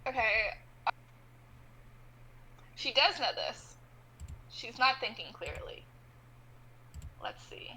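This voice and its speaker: A woman's voice: a little high, very animated, takes it slowly, pauses often, pushed and bright, a little hiss or hum, poor audio. A woman playing a tabletop roleplaying game, earnest and pleading in character. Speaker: player.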